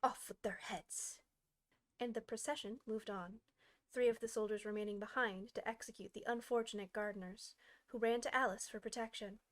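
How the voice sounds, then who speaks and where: Expressive woman narrating a classic tale. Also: fairly high pitch, brisk. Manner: expressive storytelling with varied pacing. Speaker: audiobook reader. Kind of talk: scripted audiobook narration.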